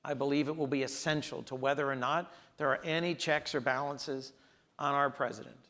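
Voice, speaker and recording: A man's voice: mid-range voice, steady tone, brisk, pushed and bright. A man in his sixties, a senator speaking as the guest in an onstage conversation, telling earnest stories with emphatic delivery.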